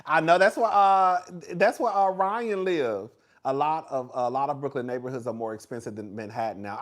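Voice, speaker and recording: A man's voice: high voice, a bit bright. A man hosting a casual chat with viewers in a gossipy, chatty way, calling everyone "girl" and laughing often. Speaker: host.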